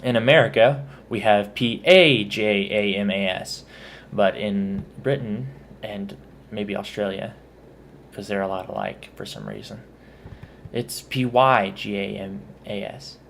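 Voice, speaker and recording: A man's voice: fairly low pitch, animated, a little slow, creaky, fairly bright tone, slight background noise. A man with a Texan accent, chatting casually in a vlog and correcting himself as he goes. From Texas. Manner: chatty, self-correcting, spells words out letter by letter. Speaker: vlogger. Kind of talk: casual accent tag video.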